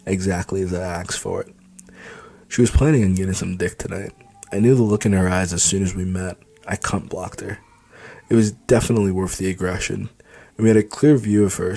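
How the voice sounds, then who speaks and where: A man with a low voice reads his own novel aloud, telling the story in the first person. His audiobook narration is steady and even. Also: a little fast. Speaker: author reading his novel.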